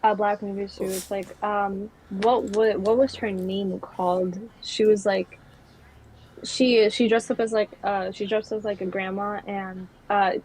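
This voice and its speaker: A young woman talks in a loose, rambling way and keeps restarting her sentences around fillers. Her voice sits at a middle pitch for a woman. She is a guest in a casual conversation. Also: level tone, measured pace, a little mellow, rough recording. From New York City. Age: young adult. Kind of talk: casual chat.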